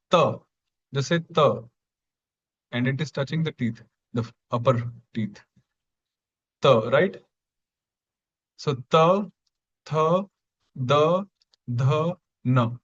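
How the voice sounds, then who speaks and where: Speaking unhurriedly with long pauses, this man has a medium-pitched, breathy-edged voice as he patiently teaches Sanskrit pronunciation online. He repeats every sound for students to imitate, captured in a dull, lo-fi recording.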